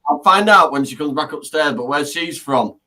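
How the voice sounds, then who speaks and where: A man's voice: a little high, moderate pace, pushed and bright. A man chatting casually on a video call, laughing often and swearing freely. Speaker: chat participant.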